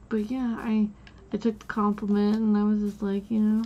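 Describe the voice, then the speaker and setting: A woman's voice: mid-range voice, level tone, moderate pace, highs cut off. A woman streamer chatting casually while playing a game, telling a rambling story full of "like" and restarts.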